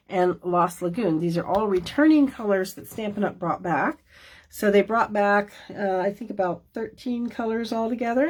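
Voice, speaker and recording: A woman's voice: mid-range voice, darkish tone. A middle-aged woman hosting a crafting class, talking casually and folksily with many fillers and asides. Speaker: stamping demonstrator hosting a class. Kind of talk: casual craft show-and-tell.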